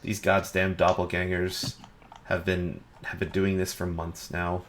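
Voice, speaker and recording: A man voicing a gruff male city guard captain who fires off exasperated, stammering questions in a tabletop game. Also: fairly low pitch, normal speed, fairly bright tone, slight background noise, close to an everyday voice. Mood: weary.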